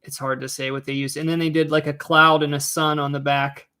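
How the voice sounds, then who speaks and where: A man's voice: on the high side, flat delivery, a little fast, sharp tone, smooth. A man hosting a casual live stream from home, often repeating words as he talks, joking between stammers. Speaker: coin roll hunting live streamer.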